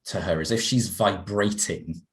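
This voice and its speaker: A man with a somewhat low voice, narrating a tabletop role-play game as its game master. He describes scenes in a measured, careful way.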